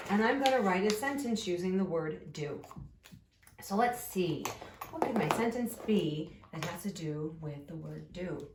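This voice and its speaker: A woman teaching an early-grade phonics lesson, sounding out letters slowly and singing short spelling songs. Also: on the low side, expressive, noisy background. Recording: echoey room, voice a bit far off.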